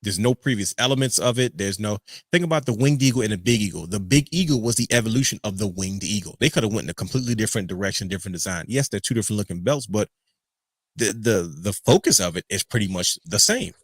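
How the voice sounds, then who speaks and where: A man hosting a casual podcast chat, animated and joking as he rants. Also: on the low side, quick pace, dry recording. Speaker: podcast host.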